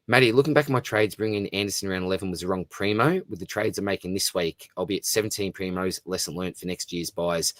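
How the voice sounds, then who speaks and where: Aussie bloke on a live stream, lowish voice, dry close mic, matey and chatty. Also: male voice, fast talker, few pauses, dry recording. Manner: matey, chatty, often says "mate". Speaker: fantasy football live stream host. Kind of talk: casual live stream chat reading comments.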